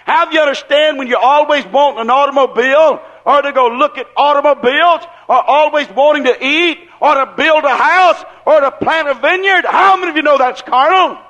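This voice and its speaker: A man preaching a sermon in a fervent, folksy way, firing rhetorical questions at the congregation and rising into shouts. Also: very high-pitched, fairly quick, hardly any pauses, dull audio. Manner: acts out quoted people in voices.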